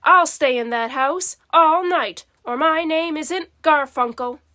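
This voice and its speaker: A jumpy, hungry male cat from a storybook, played by a woman reading aloud. He sounds high and bright, whining and twitchy, and he talks slowly. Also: full character voice. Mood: indignant.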